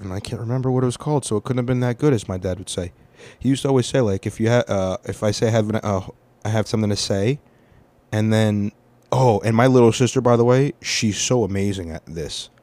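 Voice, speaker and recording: A man's voice: lowish voice, darkish tone, no echo. A young man hosting his own podcast, telling about his week in a meandering, profane and self-deprecating way. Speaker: podcast host. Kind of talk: rambling casual monologue.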